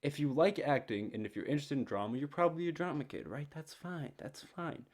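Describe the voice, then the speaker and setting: A man's voice: on the high side, fast. Rambling, laughing young man chatting. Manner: rambling, laughs often, animated retellings. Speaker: podcast co-host. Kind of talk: casual chat.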